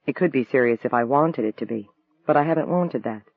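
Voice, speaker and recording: A man voicing a quiet, sad, guarded man with a subdued, pensive delivery. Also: mid-range voice, a little fast, no room sound, lightly acted. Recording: dry, tinny phone-like sound.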